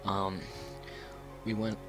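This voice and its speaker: A man's voice: on the low side, level tone, very slow, over music. A man telling a personal story in a casual storytime vlog, rambling with many fillers and restarts. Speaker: YouTuber.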